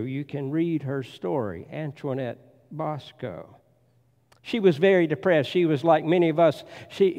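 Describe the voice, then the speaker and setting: A male pastor preaching a sermon, emphatic, repeating key phrases more softly and slowly. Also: fairly high pitch. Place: church sanctuary. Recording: long church reverb.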